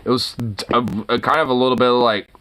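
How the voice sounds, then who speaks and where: A man with a bright, sharp-edged voice hosts an informal talk, griping at length. He swears freely and rambles through constant fillers. His delivery stays loose and unscripted. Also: mid-range voice, steady tone, quick pace, smooth. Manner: profane, rambling, filler-heavy. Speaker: host. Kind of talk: casual ranting commentary. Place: lives in Portland.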